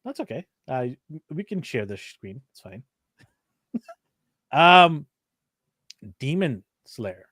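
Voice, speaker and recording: A man co-hosting a casual chat show, telling lively stories and acting out what people said, laughing often. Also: on the high side, slow pace, long pauses, no echo, studio quality. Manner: animated storyteller, acts out quotes, laughs often. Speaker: co-host of a toy and anime show.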